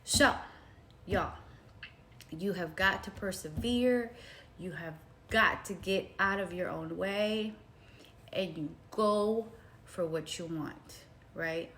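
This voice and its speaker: Slow-talking woman vlogger. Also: fairly low pitch, slight background noise. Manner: animated, addresses viewers as y'all, swings from hushed to shouting. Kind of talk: casual storytelling to camera.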